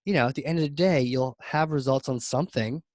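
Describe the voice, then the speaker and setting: A man hosting a podcast interview, talking casually and enthusiastically in quick bursts. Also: mid-range voice, dry recording, studio quality. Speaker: podcast host.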